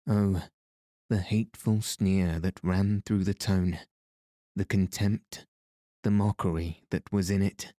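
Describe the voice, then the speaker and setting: A man reading a novel aloud as narrator, in a measured, expressive storytelling manner. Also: sits low, no echo, clean studio sound. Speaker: audiobook narrator. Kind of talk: scripted narration.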